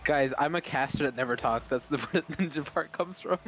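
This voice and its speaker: A man with a smooth, pleasant radio-style voice chats in a laid-back, self-mocking way over voice chat with his gaming friends. His pitch sits a bit higher than usual, and a faint hiss runs under the voice. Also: brisk, a bit bright. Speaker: streaming teammate.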